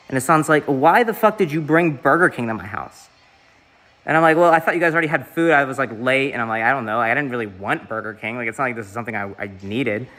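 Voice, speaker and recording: A young man from the Southeast US chats casually while streaming, rambling along with lots of fillers and swearing. His voice is medium-pitched with a sharp tone.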